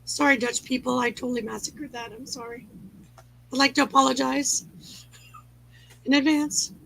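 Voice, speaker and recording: A woman hosts a relaxed livestream chat with a high voice. She is playful and pokes fun at herself. Her tone is bright and lively. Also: moderate pace, vocal fry, low-quality recording. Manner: playful, self-mocking, laughs at own mistakes. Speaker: livestream host.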